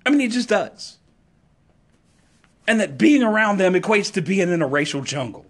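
A man delivering an impassioned political monologue, emphatic and sarcastic, swinging between loud declarations and low asides. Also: sing-song, normal speed. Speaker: political commentator.

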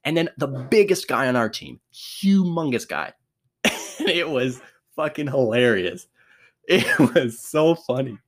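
A man's voice: mid-range voice, animated, a little slow. A young man telling a sports story casually, laughing often, swearing and restarting his sentences.

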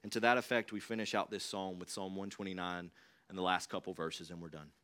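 A young man preaching a sermon in a church, in a conversational, animated way. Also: low voice, a little fast. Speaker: pastor. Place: church sanctuary.

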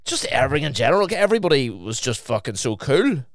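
A young man, chatting casually and swearing freely as he tells lively stories. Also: medium pitch, fast, dry recording, studio quality. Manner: swearing, lively anecdote-telling, laughs mid-story. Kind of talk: casual chat.

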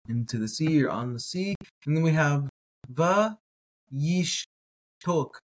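A man's voice: on the high side, lively intonation, takes it slowly, long pauses. A man teaching a reading lesson, sounding words out syllable by syllable, hesitating with fillers and correcting himself as he goes. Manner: hesitant, with frequent ums and uhs. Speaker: Hebrew teacher.

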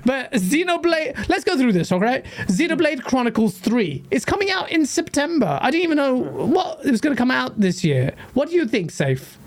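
A British man co-hosting a gaming stream in casual chat, excitable and laughing often. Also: extremely high pitch, moderate pace, hardly any pauses.

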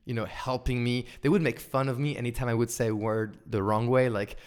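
A man in his twenties with a French accent, a guest chatting casually in an interview, animated and full of fillers and restarts. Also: mid-range voice, fairly quick, clear, resonant tone. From France. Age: 20s. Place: indoors over wine.

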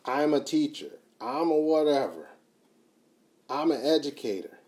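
A man giving a motivational talk, emphatic and repetitive, swinging from quiet to loud. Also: on the high side, expressive, unhurried, a little hiss or hum. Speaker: motivational speaker.

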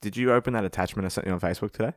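A man's voice: fairly low pitch, very fast, no echo, clean studio sound. A young man chatting casually on a podcast, teasing and giggling as he tells stories. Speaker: podcast co-host. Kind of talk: casual chat.

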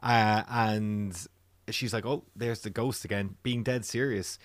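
Low-voiced wry man, dry sound. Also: fairly even intonation, slow pace, no room sound. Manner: wry and joking. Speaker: podcast co-host. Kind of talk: casual chat.

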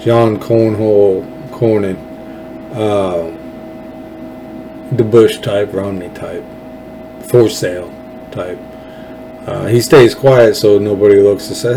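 Slow, low-voiced man ranting sarcastically. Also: fairly even intonation, mellow, slight background noise, low-quality recording. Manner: sarcastic, rambling, many fillers and restarts. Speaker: political podcast host. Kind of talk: rambling political commentary.

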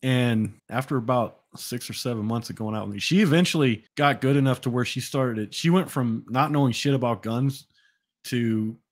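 A man's voice: medium pitch, moderate pace. A man co-hosting a casual talk show, chiming in with laid-back remarks and chuckles. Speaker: co-host. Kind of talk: casual chat.

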